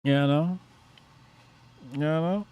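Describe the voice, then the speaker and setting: A man's voice: a little high, steady tone, very slow, a little mellow, smooth. A man hosting a livestream, joking crudely and reacting to his chat. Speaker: livestream host.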